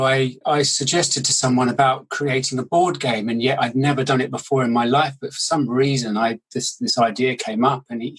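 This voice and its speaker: A middle-aged man with a Surrey English accent talks as a guest. His voice is mid-pitched and husky. He rambles in a relaxed way and often restarts his sentences. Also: low-quality recording. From Surrey, England. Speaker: board game inventor, guest. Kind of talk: casual interview chat.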